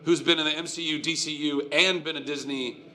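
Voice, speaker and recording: An American man in his forties, an animated storyteller who laughs often and restarts his sentences, talking as a guest on a live convention stage. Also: a little high, brisk, slight background noise. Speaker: guest actor. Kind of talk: casual stage interview.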